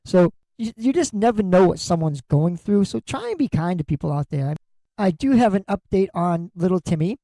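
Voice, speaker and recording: A middle-aged man rambles through funny stories for his podcast, cursing freely and acting out every quote. His voice is mellow and warm, and it sits dry and close with no room sound. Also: high-pitched, expressive, normal speed, no echo, low-quality recording. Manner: crude, jokey, swears freely, acts out quotes. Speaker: podcast host. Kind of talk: comedic storytelling monologue.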